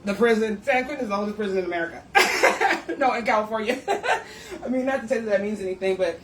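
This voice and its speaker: A woman hosting a live stream, telling stories in a blunt, profane, animated way. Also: mid-range voice, quick pace. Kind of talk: casual live-stream storytelling. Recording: echoey room, distant from mic.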